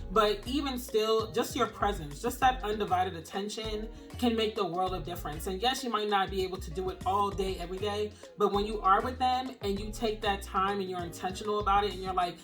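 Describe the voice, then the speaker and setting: A woman's voice: medium pitch, fairly bright tone. A young woman, speaking earnestly and emotionally to camera as a single-mom vlogger, using casual phrasing. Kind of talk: heartfelt encouraging talk to camera.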